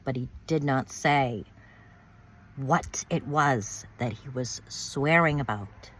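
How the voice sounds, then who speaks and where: A woman's voice: very deep voice, expressive, takes it slowly, a bit bright, husky. A woman telling her own story of betrayal in a bitter, emphatic way, repeating words and swearing. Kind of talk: personal storytelling monologue.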